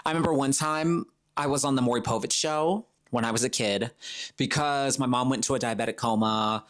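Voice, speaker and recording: A man's voice: medium pitch, brisk, a bit bright. A man hosting his own podcast alone, talking casually and playfully, dropping into comic voices when he quotes people. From Florida. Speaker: podcast host. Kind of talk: solo podcast monologue.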